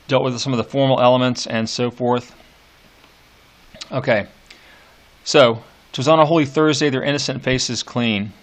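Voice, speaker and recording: A man teaching a poetry lesson, unhurried and hesitant, full of fillers, reading verse lines slowly and deliberately. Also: mid-range voice. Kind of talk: classroom lecture on poetry.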